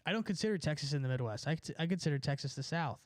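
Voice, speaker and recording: A man's voice: fairly high pitch, expressive, racing, dry recording, studio quality. A young man from California in a casual, sarcastic rant, mocking people and laughing at his own points. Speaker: streamer. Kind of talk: casual ranting chat.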